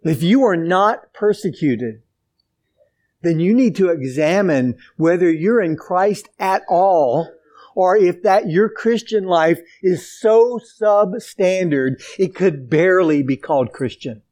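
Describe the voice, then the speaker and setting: A man's voice: high-pitched, animated, takes it slowly, a little mellow. A man preaching a sermon, emphatic and repetitive, speaking straight to his congregation. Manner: emphatic preaching with repeated phrases, addresses the church directly. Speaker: pastor.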